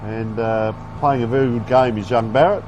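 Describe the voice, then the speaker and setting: A man's voice: mid-range voice, fairly even intonation, normal speed, noisy background. A man giving folksy, chatty live play-by-play commentary on a local football game. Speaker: sports commentator. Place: outdoor football ground.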